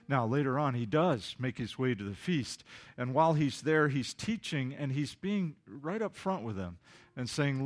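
A man of ordinary pitch preaches from the pulpit in a church sanctuary. He talks in a loose, conversational way, often starting phrases over, and his voice drops to a soft hush when he prays. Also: expressive, normal speed. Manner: conversational, paraphrases with frequent restarts; soft, hushed voice when praying. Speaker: pastor. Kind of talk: sermon with scripture reading and prayer.

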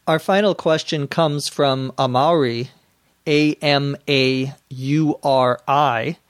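A man teaching English on a podcast, explaining words slowly and clearly, spelling some of them letter by letter, with a dry sense of humor. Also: on the high side, dry recording.

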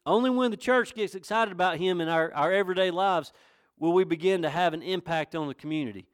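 A man's voice: high voice, a little fast, clean tone, dry recording, clean studio sound. A man pastor from North Carolina with a Southern accent, preaching a sermon in a folksy, conversational way that rises to emphatic questions. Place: church.

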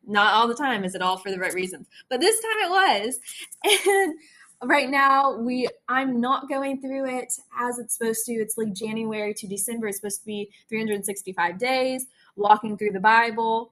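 A woman's voice: on the high side, a bit bright. A young woman hosting a candid devotional podcast, talking earnestly and confessionally, often laughing at herself. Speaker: faith podcast host. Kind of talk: candid personal devotional talk.

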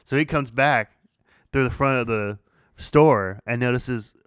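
A man's voice: mid-range voice, measured pace, a bit bright, smooth, no echo, studio quality. A man hosting a podcast, casually telling a story, swearing freely and laughing as he goes. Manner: laid-back, swears freely, laughs through his story. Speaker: podcast host.

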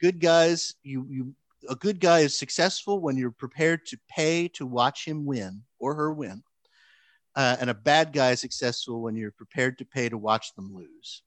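A man telling a long story in casual chat, animated, with frequent restarts and fillers. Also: mid-range voice, moderate pace, dry recording.

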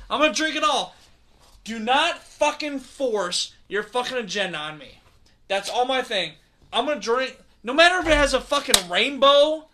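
Guy with a really high bright voice going off on a swearing rant, podcast host. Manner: loud profane rant, lots of repetition. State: out of breath.

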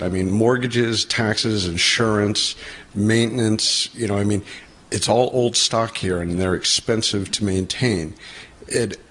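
A man, a landlord, giving a halting public comment at a city council meeting and searching for his words. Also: lowish voice, a bit bright, slightly rough.

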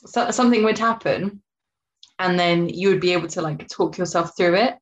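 A young woman with a somewhat low voice chats casually on a podcast. She laughs often and answers with short, agreeing replies. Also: moderate pace, lo-fi sound. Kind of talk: casual chat.

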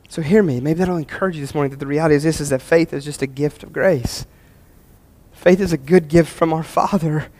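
Earnestly preaching, this male pastor returns again and again to key phrases, moving from emphatic high points down to hushed, low stretches.

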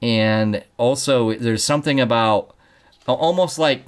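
A man's voice: mid-range voice, unhurried, clear, resonant tone. A man co-hosting a casual movie review chat, rambling and correcting himself, with a joking touch. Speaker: podcast co-host.

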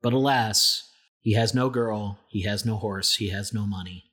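A man's voice: lowish voice, moderate pace, a bit bright, husky. A man co-hosting a podcast, recapping episodes in a casual, joking way and acting out characters' lines. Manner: jokey, acts out characters' lines. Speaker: podcast co-host.

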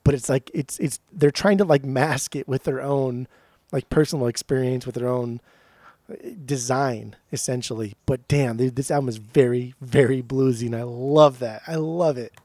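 A man on a podcast, chatting casually in an animated, teasing way and swearing freely. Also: medium pitch, moderate pace, no echo, studio quality. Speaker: podcast co-host. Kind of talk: casual chat.

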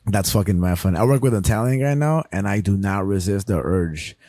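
A man's voice: lowish voice, animated, a little fast, warm tone, no echo, studio quality. A young man co-hosting a podcast in loose casual chat, swearing freely and laughing often. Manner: loose, profane, laughs a lot. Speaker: podcast co-host.

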